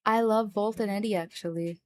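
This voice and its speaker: A woman streamer and voice actor chatting live on stream, excitable and repetitive, swearing freely. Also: medium pitch, a little fast. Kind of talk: casual livestream chat.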